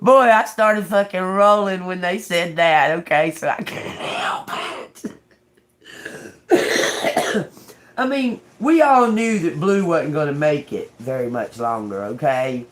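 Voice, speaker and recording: A woman's voice: fairly low pitch, takes it slowly. A woman tarot reader chatting casually to her viewers, laughing through her words, cursing freely and calling them y'all.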